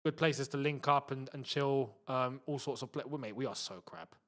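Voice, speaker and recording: A man's voice: mid-range voice, normal speed, a bit bright. A young man casually hosting a live football watchalong, chatting in slang and reading out viewer messages. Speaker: host.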